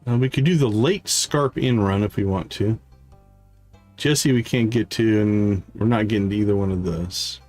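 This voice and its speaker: A man hosting a livestream, chatting casually with fillers and quick asides as he plays. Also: fairly low pitch, darkish tone. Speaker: livestream host. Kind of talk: casual game commentary. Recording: faint game music behind.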